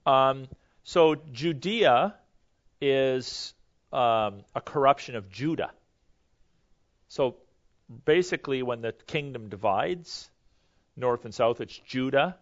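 A man's voice: medium pitch, animated, slow, long pauses. Male Bible teacher, mid-range voice, loose explanatory delivery, muffled lo-fi recording. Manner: conversational, explanatory, with frequent restarts. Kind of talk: classroom Bible lesson. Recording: dull lo-fi recording.

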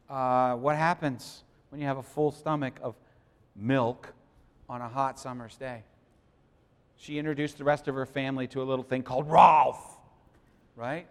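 A man preaching a sermon, moving from quiet storytelling to loud, impassioned declarations. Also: mid-range voice, moderate pace, big-room sound. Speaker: pastor.

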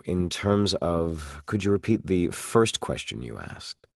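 A man with a very deep, low voice, talking as a voice actor guest in a relaxed interview. He muses thoughtfully and drops playful, self-deprecating jokes. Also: slow, vocal fry. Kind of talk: casual interview chat.

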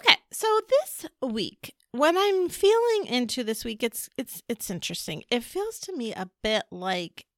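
A woman's voice: a little high, big pitch swings, measured pace, few pauses, no room sound, clean studio sound. A middle-aged woman co-hosting a podcast in casual chat, chatty and playful, laughing often. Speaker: podcast co-host and energy reader.

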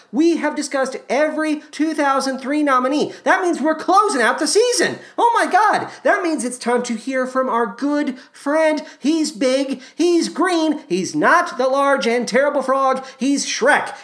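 A woman hosts a solo podcast, talking in a playful, chatty way. She giggles often between thoughts. Her voice sits a little high and moves freely up and down. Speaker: podcast host.

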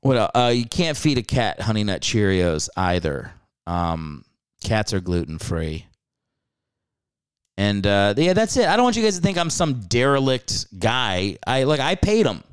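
A man's voice: lowish voice, big pitch swings, unhurried, clear, resonant tone, no room sound, clean studio sound. A young adult man hosting a casual comedic podcast, rambling with irreverent, profane asides. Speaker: podcast host.

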